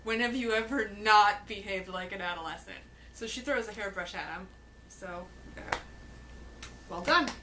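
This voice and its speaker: A woman's voice: medium pitch, moderate pace, background noise. A young woman chatting casually to camera about a book, blunt, sarcastic and swearing freely. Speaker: book reviewer vlogger.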